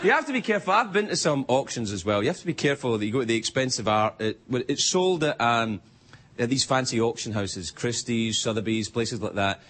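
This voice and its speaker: A man's voice: mid-range voice, lively intonation, brisk, fairly bright tone. A man with a Scottish accent delivering a rambling, wry late-night stand-up monologue in a TV studio. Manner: wry, rambling, jumps into silly voices. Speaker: late-night talk show host. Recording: TV studio with audience laughter and noise.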